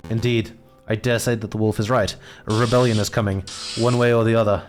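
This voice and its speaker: A man voicing a sly male fox private investigator in a game, speaking in a smooth, courteous, knowing way over faint game music. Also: on the low side, flat delivery, a little fast, close to an everyday voice. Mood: suave.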